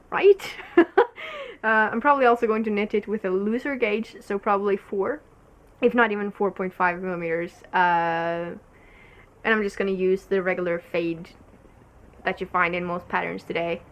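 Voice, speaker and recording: A young Norwegian woman, whose first language is Norwegian, hosts a casual solo knitting podcast. She rambles and giggles, with lots of fillers, in a mid-range voice. There's a little hiss or hum on the recording.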